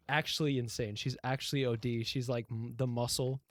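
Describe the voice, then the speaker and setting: A man's voice: mid-range voice, little pitch movement, fairly quick, hardly any pauses, dry recording. A young man co-hosting a podcast, recapping a show in a rambling, profane way and acting out the lines he quotes. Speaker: podcast co-host. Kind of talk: casual chat, recapping a TV show.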